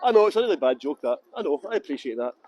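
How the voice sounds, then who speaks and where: A man's voice: fairly high pitch, very animated, rapid-fire, a little mellow, dull audio. A man with a Scottish accent from Edinburgh, guiding a live-streamed walking tour outdoors on city streets and talking in a jokey, self-mocking, chatty way into a handheld phone. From Scotland.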